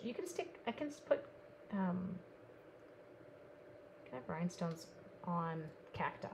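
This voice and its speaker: A woman demonstrating card-making on a live online stream, chatting brightly with viewers as she works. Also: fairly high pitch, a little hiss or hum. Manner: chatty, bubbly, talks to viewers while working.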